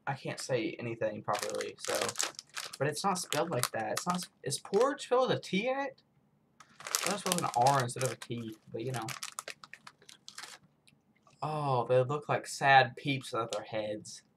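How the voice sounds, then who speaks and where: A man's voice: medium pitch, animated, moderate pace, gravelly, pauses often, background noise. A man from the United States rambling through a casual snack taste-test vlog, full of self-mocking asides. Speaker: vlogger.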